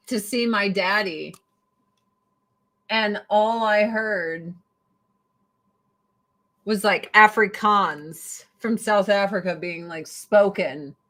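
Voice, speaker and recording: A woman's voice: medium pitch, fairly bright tone, low-quality recording. A woman hosting a casual commentary stream, ranting sarcastically and swearing freely. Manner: sarcastic, profane, exasperated.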